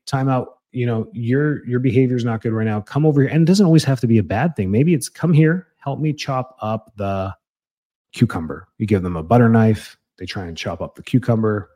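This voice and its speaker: A man's voice: fairly low pitch, warm tone. A man in his thirties, a chiropractor hosting a show, giving casual parenting advice with fillers and restarts, acting out little parent and child lines. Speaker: chiropractor and podcast host.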